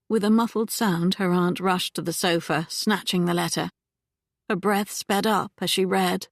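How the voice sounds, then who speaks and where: A woman narrating a historical romance audiobook in a calm, measured manner. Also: medium pitch, dry recording, clean studio sound. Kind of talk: scripted narration.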